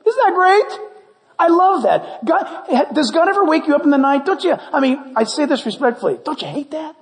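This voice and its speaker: A pastor preaching a sermon, playful and animated, acting out prayers and little dialogues. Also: male voice, very high voice, moderate pace. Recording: long hall reverb.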